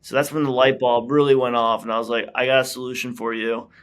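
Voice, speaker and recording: A man's voice: mid-range voice, steady tone, fast, clear, resonant tone. Chatty man telling his business story. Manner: chatty, many fillers and restarts. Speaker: business founder, guest. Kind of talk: casual interview storytelling.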